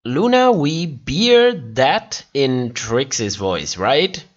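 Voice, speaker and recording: A man's voice: mid-range voice, big pitch swings, very slow, lo-fi sound. Tired man chatting on a livestream. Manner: chatty, laughs often, reacts to viewers. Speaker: livestream host. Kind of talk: casual chat reading live comments.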